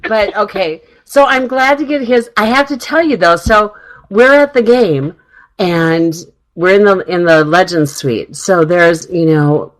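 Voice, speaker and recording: A woman's voice: medium pitch, unhurried, poor audio. A woman co-hosting a radio talk show, telling stories casually, laughing often and acting out the lines of people in her stories. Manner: chatty storyteller, laughs often, acts out quoted dialogue.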